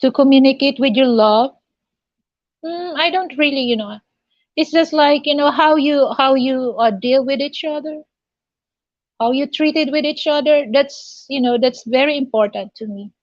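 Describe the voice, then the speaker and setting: A woman with a Filipino accent hosting a casual live chat, halting and full of fillers and restarts. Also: sits high, dry recording, highs cut off. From Philippines. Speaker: livestream host.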